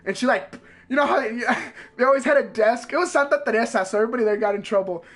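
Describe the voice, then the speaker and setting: High-voiced man telling a heated story. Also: quick pace. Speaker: streamer. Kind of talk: casual storytelling.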